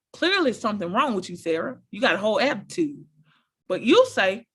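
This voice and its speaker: A woman talking casually to her viewers, giving animated, preachy advice and repeating her points. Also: medium pitch, fairly quick, husky. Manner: animated, repeats phrases, addresses viewers directly; preachy, encouraging. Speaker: motivational speaker.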